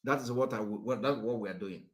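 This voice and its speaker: A man with a Nigerian accent giving an impassioned political address, fiery and repetitive, sometimes rising to a shout. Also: mid-range voice, fast talker. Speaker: political activist.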